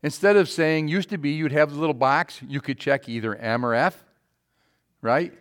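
A man preaching a sermon, with emphatic calls that swing to quiet, low asides. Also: normal speed.

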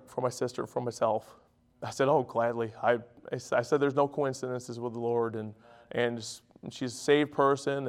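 A middle-aged man preaching a sermon. He talks in a conversational, storytelling way, with emphatic bursts. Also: medium pitch.

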